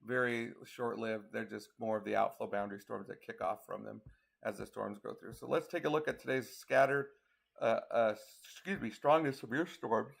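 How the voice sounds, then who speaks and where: Male storm chaser from Colorado, gravelly, tired, casual live forecast talk. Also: lowish voice, moderate pace. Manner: talks through model maps, counting hours aloud. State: tired, yawning. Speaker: storm chaser giving a weather update. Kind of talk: casual live weather briefing.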